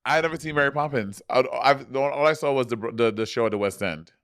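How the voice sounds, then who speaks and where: A man co-hosting a casual recap podcast, playful and teasing with quick reactions. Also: mid-range voice, fairly bright tone, clean tone, dry recording, clean studio sound. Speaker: podcast co-host.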